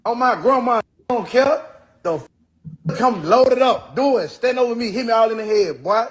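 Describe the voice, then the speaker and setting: A man's voice: very high-pitched, expressive, moderate pace. A man in a played clip, ranting defiantly and repeating himself, tacking "boy" onto his lines. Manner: repetitive, defiant, keeps saying "boy". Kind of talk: heated ranting monologue.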